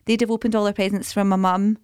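A woman's voice: mid-range voice, flat delivery, fast, darkish tone, smooth, no echo, studio quality. A woman co-hosting a podcast, telling funny family stories in casual chat and laughing often. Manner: chatty storytelling, laughs often. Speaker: podcast co-host.

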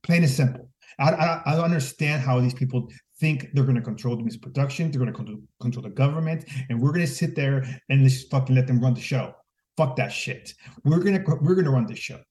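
A man's voice: mid-range voice, fast, darkish tone. A man in a podcast discussion, speaking bluntly and with profanity. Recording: voice distant from the mic.

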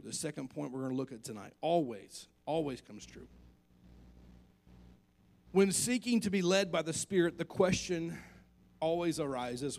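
A man's voice: on the high side, lively intonation, normal speed, creaky, long pauses, a little mellow. A male pastor preaching a conversational sermon, asking the congregation questions and joking along the way.

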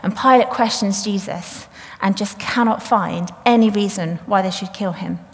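A woman's voice: medium pitch, normal speed. A woman preaching a sermon, retelling the story in a chatty way and reading scripture aloud. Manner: conversational, retells the story plainly with fillers. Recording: long reverb of a church hall.

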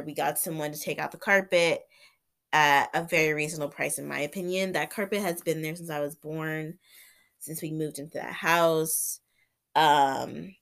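A woman's voice: deep voice, creaky, fairly bright tone. Chatty young woman telling a story. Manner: chatty, heavy use of "like", acts out her own reactions. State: sick with covid and an ear infection. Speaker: vlogger. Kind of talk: casual storytelling.

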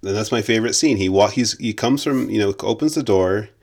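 A man's voice: on the low side, brisk, a little mellow. A young man co-hosting a podcast in casual, jokey chat, laughing often and using lots of fillers. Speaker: podcast co-host.

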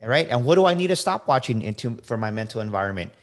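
A middle-aged man talks in a casual, emphatic way as a podcast guest coaching listeners. He stumbles and repeats words as he pushes his point, and he keeps asking "right?" to check they are with him. His voice sits at an ordinary pitch for a man. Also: big pitch swings, fast talker. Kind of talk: casual motivational talk.

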